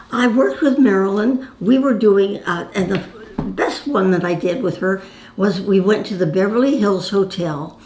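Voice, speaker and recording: In a roomy, echoing space, a woman in her 90s reminisces chattily to camera, sharing her own stories and calling the viewer "my dear." Her voice sits at a medium pitch and sounds a little mellow.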